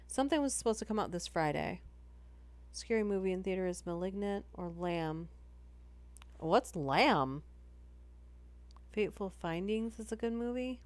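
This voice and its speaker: A woman's voice: mid-range voice, animated, moderate pace, long pauses, darkish tone. A woman chatting casually on a live stream between horror story readings. She rambles and interrupts herself as she talks.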